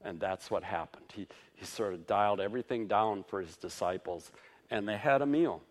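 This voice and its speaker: Speaking at a moderate pace in a lowish voice, this man delivers a sermon as a pastor. His tone is informal and chatty, with lively rises for emphasis, quiet asides and frequent little laughs.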